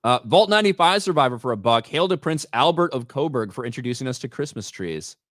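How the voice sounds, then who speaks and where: A man's voice: mid-range voice, animated, fast talker, fairly bright tone, no echo, clean studio sound. A man hosting a casual podcast chat, talking bluntly and swearing freely as he reads out viewer donations. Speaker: host.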